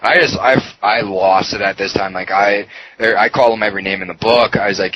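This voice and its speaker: A man's voice: lowish voice, brisk, a bit bright. A man recounting a heated story in a podcast interview, swearing often and acting out the dialogue. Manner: heated, profane retelling with quoted dialogue. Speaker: podcast guest. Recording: dull lo-fi sound with faint noise.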